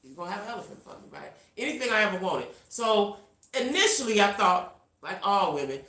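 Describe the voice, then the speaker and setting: A middle-aged woman hosting a live stream, telling a personal story in a casual, animated way and talking straight to her viewers. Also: medium pitch, fairly quick, echoey room. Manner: reads out viewer comments. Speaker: livestream host.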